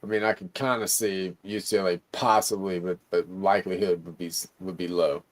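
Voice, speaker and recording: A man's voice: low-pitched, steady tone, a little fast. Easygoing man from Louisiana. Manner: laid-back, agreeable, profane. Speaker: guest. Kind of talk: casual sports talk stream.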